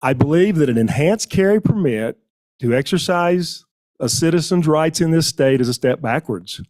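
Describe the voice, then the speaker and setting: Male witness at a legislative hearing; steady, deliberate delivery with firm emphasis. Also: on the high side. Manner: measured, emphatic, with stressed key words. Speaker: witness testifying to a legislative committee. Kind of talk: formal public testimony.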